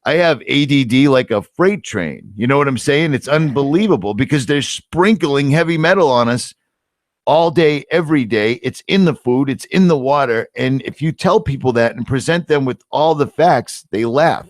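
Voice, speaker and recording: An American man hosts a live online talk and speaks in animated, emphatic bursts. His voice sits at a middle pitch. The sound is dry and close, with no room echo. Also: normal speed. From United States. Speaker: host. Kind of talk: casual chat.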